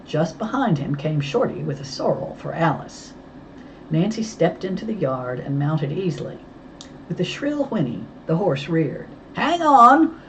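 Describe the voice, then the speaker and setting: A woman narrating a storybook as an audiobook reader, with an expressive, clear reading. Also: low voice, moderate pace, muffled recording, slight background noise.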